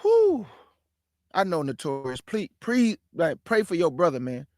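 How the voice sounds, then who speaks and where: Fiery high-voiced man preaching to viewers. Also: wildly swooping pitch, a little slow, a little mellow, dry recording, clean studio sound. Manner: fiery and preachy, repeats phrases, addresses listeners as family. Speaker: show host. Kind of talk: impassioned livestream commentary.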